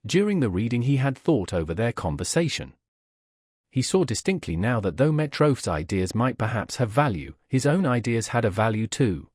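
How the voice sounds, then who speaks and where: A man narrates a classic novel in a measured, expressive way. His voice is husky, and its pitch moves freely from phrase to phrase. The recording is dry and close, with no room echo. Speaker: audiobook narrator.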